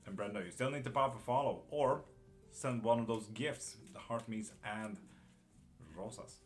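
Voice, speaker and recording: A man reads tarot live in a casual stream, his lowish voice steady in tone and normal in speed, with faint music behind him. He chats bluntly with viewers, calls them by name, and swears now and then.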